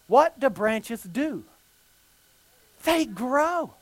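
A man preaching a sermon with fervent bursts into shouting and frequent rhetorical questions. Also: very high-pitched, sing-song, drawn-out words, long pauses, no room sound.

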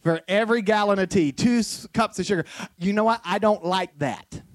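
A man's voice: sits high, moderate pace, no room sound. A man preaching a sermon as pastor, in a loose conversational way full of jokes and family stories. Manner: conversational, joking storyteller. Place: church.

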